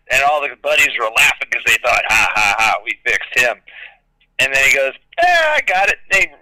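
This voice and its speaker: A man joining a livestream over a video call, chatting casually and telling an animated story. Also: medium pitch, no echo, low-quality recording. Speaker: livestream guest. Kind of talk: casual chat.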